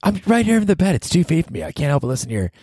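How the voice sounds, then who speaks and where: A man doing a high, scolding girlfriend voice, exasperated at being kept awake. The sound is dry and close, with no room around it. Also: big pitch swings, very fast, darkish tone, no echo. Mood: nagging. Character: nagging sleepy girlfriend, woman in bed.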